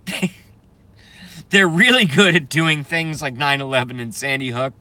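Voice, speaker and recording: A man's voice: a little high, normal speed, pushed and bright. A man doing a comedic, profane live stream rant, keeps breaking into laughing fits. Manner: profane, sarcastic.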